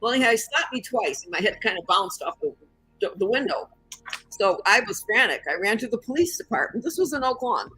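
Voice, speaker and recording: Husky older woman telling a story. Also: on the high side, brisk, faint music behind, rough recording. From Chicago area. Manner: animated storyteller who acts out the voices in her story. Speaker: interview guest. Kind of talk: storytelling in an interview.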